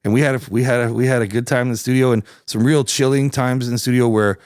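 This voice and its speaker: A middle-aged man with a Canadian accent, a musician guest telling stories in a casual interview, relaxed and swearing freely. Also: mid-range voice, fast, clear, resonant tone, no room sound, studio quality. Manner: relaxed, swears freely, animated when quoting people.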